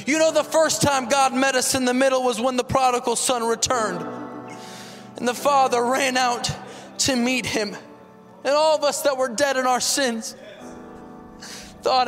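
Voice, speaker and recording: A man's voice: very high voice, fairly even intonation, a little slow, pauses often, fairly bright tone, in a large hall, soft background music. A man preaching a fervent sermon as a pastor, building with repeated rhetorical questions.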